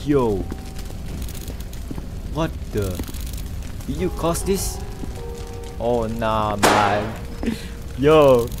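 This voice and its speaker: Young male gamer, slow speech, panicky yelling, game music under him. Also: mid-range voice, lively intonation. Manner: loud panicky outbursts, swearing, laughing. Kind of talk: horror game commentary.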